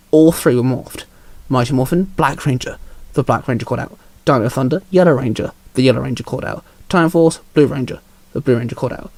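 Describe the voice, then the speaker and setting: Guy reading his fanfic aloud, normal pitch, dry sound, few stumbles. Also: a little mellow, no echo. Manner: plain storytelling with small slips. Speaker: narrator and author.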